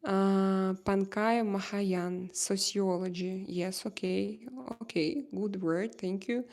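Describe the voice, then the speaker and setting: A Russian woman with a Russian accent hosting a casual livestream chat, reading comments and pausing often to search for English words. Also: medium pitch, steady tone, darkish tone. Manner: halting, searching for English words, many fillers. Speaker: livestream host.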